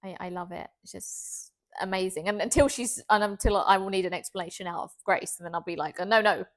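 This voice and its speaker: A woman's voice: fairly low pitch, a little fast. A middle-aged woman co-hosting a podcast in casual chat, rambling and playful, often breaking into giggles. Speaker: podcast co-host.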